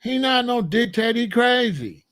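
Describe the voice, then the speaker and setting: Casting: male commentary host, high voice, heated repetitive rant style. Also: lively intonation, moderate pace, fairly bright tone. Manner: emphatic, repetitive, incredulous rhetorical questions. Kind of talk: solo political commentary rant.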